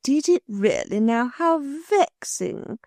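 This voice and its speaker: A woman voicing a sour, bad-tempered woman who turns gushingly kind, with shrill scolding and sweet cooing. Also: very animated, normal speed, no echo, clean studio sound.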